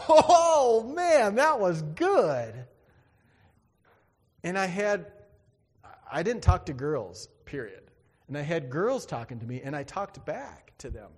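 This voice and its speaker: Man, preacher, earnest dramatic storytelling, fairly high voice, long hall reverb. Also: darkish tone. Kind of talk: sermon with personal story.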